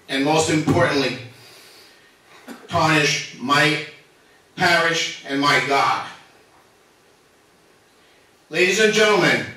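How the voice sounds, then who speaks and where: A man's voice: on the high side, sharp tone. Nervous man in an echoey chamber. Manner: earnest, emotional, defending himself. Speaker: resident speaking at public comment. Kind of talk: formal public statement. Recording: echoey hall from far off.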